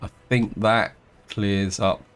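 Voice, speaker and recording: Narrating a city-building game at an easy pace, a middle-aged Englishman speaks in a low, clear and resonant voice. As a let's-player offering casual commentary, he hesitates a lot, restarts sentences and weighs choices out loud.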